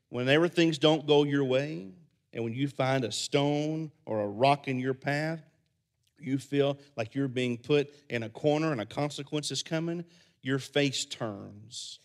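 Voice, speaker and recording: Animated preaching man. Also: on the high side. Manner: animated preaching, voices characters in loud bursts and drops to soft quiet endings. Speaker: pastor. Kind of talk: sermon.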